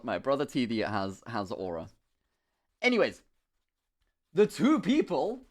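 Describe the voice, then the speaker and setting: A young man telling a story casually on a live stream, animated and quick to laugh, swearing freely. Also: fairly high pitch.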